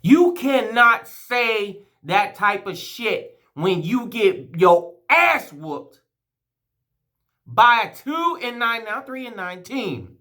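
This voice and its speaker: A man's voice: high-pitched, big pitch swings, takes it slowly, bright, forceful tone. Man in a heated, swearing rant. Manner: heated, profane, emotional rant; rambling with frequent restarts. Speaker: sports fan vlogger. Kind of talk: ranting fan vlog.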